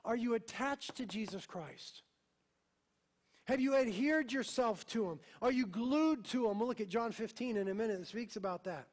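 A young pastor delivers a sermon in a strikingly high voice for a man. He moves from quiet, intimate lines to loud, emphatic ones, always impassioned. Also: moderate pace. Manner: impassioned preaching, swinging from hushed to emphatic.

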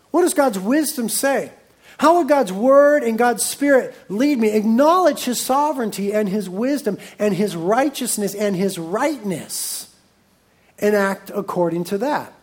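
High-voiced man preaching. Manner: lively preaching, reading scripture aloud, warm asides. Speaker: pastor. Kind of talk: sermon.

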